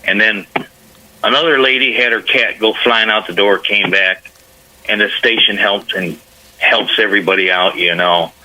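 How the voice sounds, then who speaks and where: Male caller, meandering earnest talk, fairly low voice, phone line. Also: steady tone, normal speed, pushed and bright. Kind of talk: casual call-in chat.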